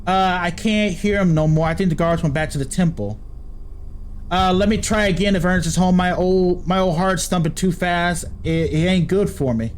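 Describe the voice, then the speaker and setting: A man's voice: high voice, normal speed, slight background noise, close to an everyday voice. A man putting on a panicky old country man. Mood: pleading. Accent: put-on American country accent. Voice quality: drawling, folksy. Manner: panicky, pleading, breathless. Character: frightened old rural man hiding from guards. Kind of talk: reading game dialogue in character.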